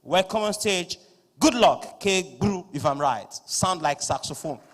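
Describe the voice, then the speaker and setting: A man with a Nigerian accent acting as master of ceremonies at a live conference, loud and playful, slipping into pidgin asides. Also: high voice, expressive, measured pace. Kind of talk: live event hosting. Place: large conference hall. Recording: echoing hall through PA.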